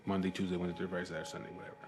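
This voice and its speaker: Male vlogger, lowish voice, rambling and profane, exasperated casual storytelling. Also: little pitch movement, rapid-fire, darkish tone, a little hiss or hum.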